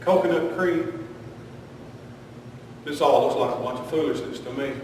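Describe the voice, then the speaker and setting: A man's voice: mid-range voice, moderate pace, darkish tone, slight background noise. A man preaching a folksy, joking sermon full of homespun sayings. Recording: echoey hall, distant mic.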